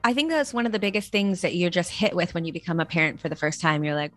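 A woman's voice: mid-range voice, animated, a little fast, few pauses, a bit bright, soft background music. A woman, a parenting course co-founder, explaining her work earnestly and with enthusiasm as a guest. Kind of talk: casual conversational interview.

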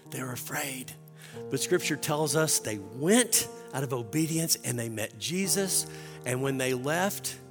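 A man's voice: on the high side, a bit bright, long reverb tail. A man preaching a sermon as pastor, earnest and building to impassioned emphasis.

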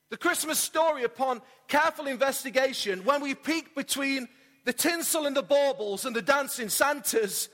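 A man's voice: very high-pitched, sharp tone. A man, a church pastor delivering a friendly, story-led sermon with light humour. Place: church auditorium. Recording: reverberant church hall.

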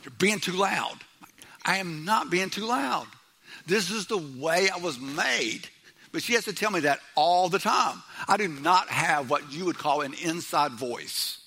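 A middle-aged man preaching a sermon in church, loud, animated and joking. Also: fairly high pitch, a little slow, slightly rough. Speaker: pastor.

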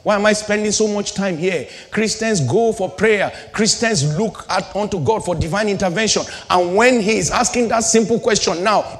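A man's voice: high-pitched, expressive, normal speed, hardly any pauses. A middle-aged male pastor preaching a sermon, asking rhetorical questions and building and dropping his intensity, in a church hall. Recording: long hall reverb.

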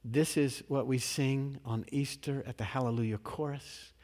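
A male pastor preaching a sermon in a measured, emphatic way, posing rhetorical questions and answering them. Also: mid-range voice, fairly even intonation, darkish tone. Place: large church sanctuary. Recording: long reverb of a large church.

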